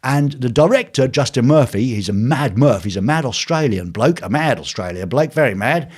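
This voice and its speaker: An older man hosting a live stream from his home, telling an anecdote in a lively, animated way and acting out the voices of the people in it. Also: medium pitch, normal speed, slightly rough. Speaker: host.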